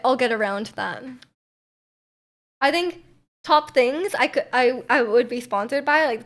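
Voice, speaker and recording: A woman in her twenties chatting casually on a live stream, answering chat and thinking out loud with a giggly, rambling manner. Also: a little high.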